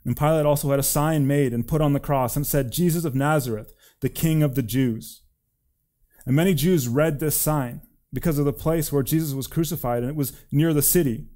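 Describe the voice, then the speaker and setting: A man, a preacher, reading scripture aloud in an expressive, deliberate way. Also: on the high side.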